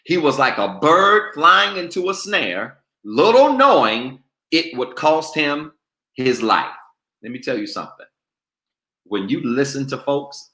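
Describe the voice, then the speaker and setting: Male pastor, slow and bright, preaching with call and response in an echoey church. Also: mid-range voice. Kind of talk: sermon.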